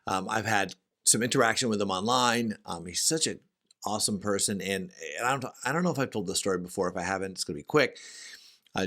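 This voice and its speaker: A middle-aged man speaks in a hoarse, somewhat low voice from his home studio. He chats casually about a fragrance, often restarting and repeating himself as he goes. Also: fairly bright tone. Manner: chatty, with frequent restarts and repetitions. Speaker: fragrance reviewer. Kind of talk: casual review chat.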